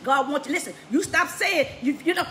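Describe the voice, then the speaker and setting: High, bright-voiced woman preaching. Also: brisk, a little hiss or hum. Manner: emphatic, repetitive, breaks into laughter and shouts. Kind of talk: preaching on a live stream.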